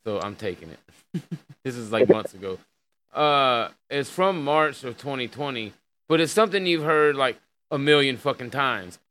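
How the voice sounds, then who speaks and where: A podcast host with a medium-pitched, pushed, bright voice chats casually on an online podcast, using crude language and reading an article aloud over a call. His manner is loose and crude, full of fillers and laughs, and the audio quality is poor.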